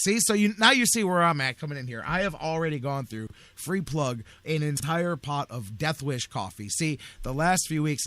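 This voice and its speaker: A man hosting a sports talk radio show, ranting in a fired-up, slightly agitated way and acting out other people in quick asides. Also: a little high, fairly bright tone, no room sound. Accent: American. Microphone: studio microphone.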